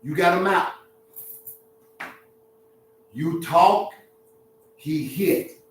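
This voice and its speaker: A man in a lively, preachy livestream talk, speaking as a relationship counselor and leaning on street slang. His voice sits a little high for a man and sounds distant from the mic. The room is very echoey, with a faint hum underneath. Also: drawn-out words.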